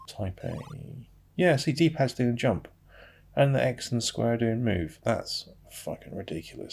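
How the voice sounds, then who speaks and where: A man's voice: low voice, gravelly, a little mellow. A British man giving casual, wry commentary while playing and reviewing an old video game, grumbling about the controls with dry asides.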